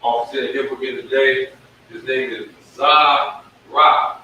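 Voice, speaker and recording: A man teaching a live-streamed Hebrew lesson, slowly sounding out syllables at a board. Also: mid-range voice, steady tone, pushed and bright, muffled recording, slight background noise. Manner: slow, drawn-out sounding of syllables. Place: room with a whiteboard. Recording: echoey room, mic at a distance.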